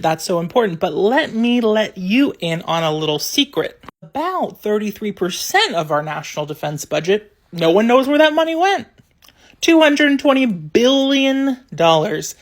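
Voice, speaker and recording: Impassioned speaker repeating words for emphasis. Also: medium pitch. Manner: rhetorical questions with sarcastic asides. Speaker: social media commentator. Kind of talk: direct-to-camera opinion monologue.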